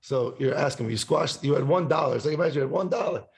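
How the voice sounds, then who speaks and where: A man's high, creaky voice comes out rapid-fire as he, a musician guest on a podcast, rambles casually. Of Italian family background, he swears a lot and breaks into short snatches of singing.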